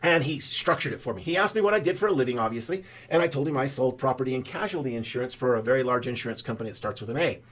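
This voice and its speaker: A man's voice: medium pitch, lively intonation, very fast, hardly any pauses, fairly bright tone. An older man, a financial advisor, telling a rambling story in a casual straight-to-camera explainer, with a lot of "uh" fillers. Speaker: financial advisor pitching whole-life insurance banking.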